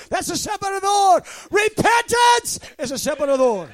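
A man in his sixties preaching a fervent sermon, shouting out phrases in loud bursts and laughing between stories. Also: very high-pitched, expressive, moderate pace. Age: 60s.

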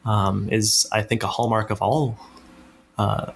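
A man with a low, gravelly voice talks casually from home, often stopping and restarting his sentences and laughing easily. His speech is halting and unscripted. A faint background hum sits under the voice. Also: flat delivery. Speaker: minister. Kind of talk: casual podcast conversation.

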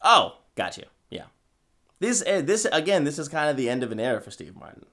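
A man's voice: fairly high pitch, very animated, fairly quick, pushed and bright. A young man co-hosting a casual movie podcast, joking, sarcastic and laughing often. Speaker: podcast co-host.

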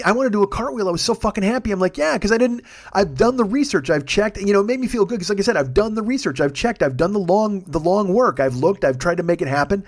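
Into a studio microphone, a middle-aged man hosting a podcast tells a rambling, profane, self-deprecating story. His high voice is animated and fast, with hardly any pauses.

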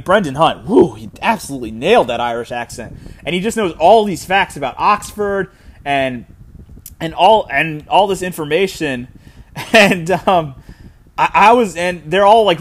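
High-voiced man hosting a casual podcast. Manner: casual, rambling, frequent fillers and restarts. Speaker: podcast host. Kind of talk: solo podcast episode recap.

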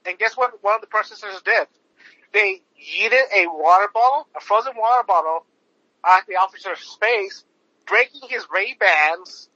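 A man's voice: high voice, bright, forceful tone, dry recording. A man hosting a podcast, ranting casually with heavy swearing, lots of fillers and restarts. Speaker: podcast host. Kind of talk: casual profane podcast rant. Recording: dull lo-fi recording.

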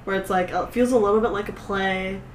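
A woman co-hosting a podcast in casual chat, chatty and full of "um" and "like", with quick agreeing replies. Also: mid-range voice, steady tone, slight background noise. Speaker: podcast co-host. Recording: roomy echo.

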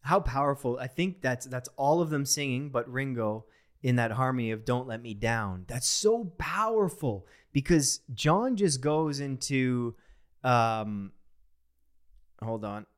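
A young man enthusiastically talking through a song as a reaction host, in a rambling, excited way. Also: mid-range voice, unhurried. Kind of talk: casual reaction commentary.

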